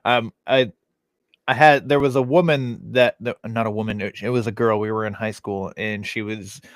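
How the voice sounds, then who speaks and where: A man's voice: fairly low pitch, fairly even intonation, moderate pace, no echo. A man in his thirties hosting a podcast, telling loose stories full of swearing and fillers. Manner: loose storytelling, heavy swearing, frequent fillers. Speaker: podcast host. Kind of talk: casual chat.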